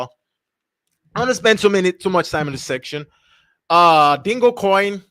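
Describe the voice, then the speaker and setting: A man's voice: high-pitched, animated, a bit bright, dry recording, studio quality. A young man hosting a crypto livestream, thinking aloud in a rambling way and reading web text aloud with stumbles and restarts. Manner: rambling, self-correcting, reads text aloud haltingly. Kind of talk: casual thinking-aloud screen review.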